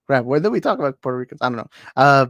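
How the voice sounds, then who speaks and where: A man's voice: mid-range voice, expressive, rapid-fire, fairly bright tone, dry recording, muffled recording. A young man from the United States hosting a casual movie livestream, rambling and joking, often losing his thread and laughing, talking into a desk mic at his computer. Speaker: movie podcast host reading chat.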